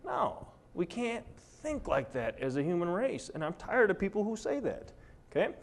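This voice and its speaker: A man's voice: sits high, very animated, normal speed, slight background noise. Guy presenting to a crowd, gets all fired up, sarcastic, keeps checking in with the room. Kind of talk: live presentation to an audience.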